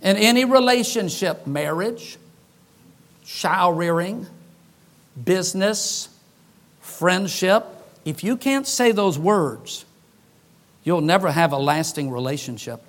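Pastor, male, high voice, folksy preaching, wry asides, dynamic delivery. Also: takes it slowly, long pauses. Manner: folksy, joking asides, shifts between loud emphasis and hushed lines. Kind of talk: sermon.

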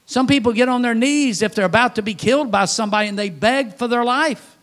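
A man from Louisiana, preaching a sermon in a folksy storytelling manner, piling up rhetorical questions and swinging between loud and hushed delivery. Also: extremely high pitch, brisk. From Louisiana, USA.

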